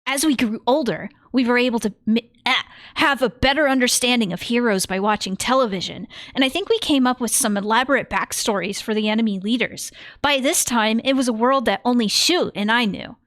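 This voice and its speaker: A woman voicing an earnest anime schoolgirl reading her diary, with a bright, sing-song cadence. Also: a little high, a little fast, no echo, studio quality, natural voice. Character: earnest anime schoolgirl recalling childhood games. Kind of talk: reading in-game diary in a put-on voice.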